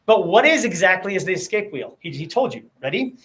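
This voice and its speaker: A man's voice: sits high, big pitch swings, fairly quick, a bit bright. A man teaching an English class, sounding out letters aloud and quizzing his students as he goes. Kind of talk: classroom lecture. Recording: roomy classroom echo.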